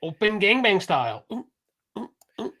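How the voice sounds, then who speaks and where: Bright-voiced man ranting bluntly. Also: high-pitched, very animated, moderate pace. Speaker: podcast co-host. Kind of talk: casual podcast chat.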